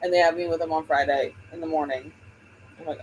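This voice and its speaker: A woman's voice: sits low, fairly even intonation, fast talker, a little mellow, a little hiss or hum, low-quality recording. A woman hosting a book livestream, chatting casually and rambling while she greets viewers by name.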